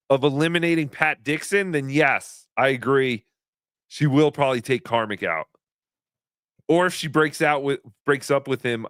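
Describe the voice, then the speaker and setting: Male livestream host, slightly higher-pitched, dry close sound, joking and rambling casting. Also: a bit bright, dry recording. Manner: rambling, joking, self-deprecating. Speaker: livestream host reading chat donations. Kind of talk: casual livestream chat.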